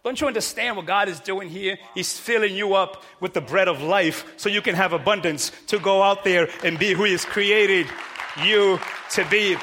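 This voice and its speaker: A man preaching a sermon to a congregation, energetic and often shouting. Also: high-pitched, normal speed, a faint crowd, slight background noise. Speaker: pastor. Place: church hall with congregation.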